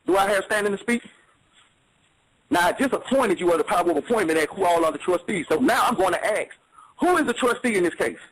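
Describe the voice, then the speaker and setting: A man's voice: high-pitched, lively intonation, fast talker, a bit bright, slight background noise, poor audio. A man explaining in casual, streetwise talk, emphatic and repetitive, often checking that the listener follows. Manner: streetwise, emphatic, repeats "you see what I'm saying".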